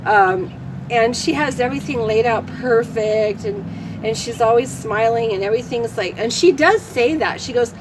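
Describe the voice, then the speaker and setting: A woman with a slightly high voice chats casually to camera while sitting outdoors. Her talk rambles along, and she laughs often between thoughts. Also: animated, moderate pace, noisy background. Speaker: vlog host. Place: outdoors in the shade.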